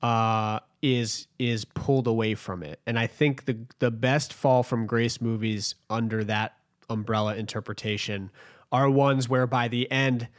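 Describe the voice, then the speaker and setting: A man's voice: medium pitch, fairly even intonation, a little slow. A man co-hosting a casual chat podcast, explaining his ideas thoughtfully and joking along. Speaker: podcast co-host.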